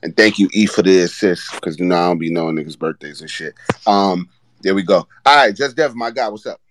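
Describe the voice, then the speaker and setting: A man's voice: low voice, fairly quick, slight background noise, low-quality recording. A man hosting a casual sports podcast, talking loosely with lots of restarts and swearing. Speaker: podcast host.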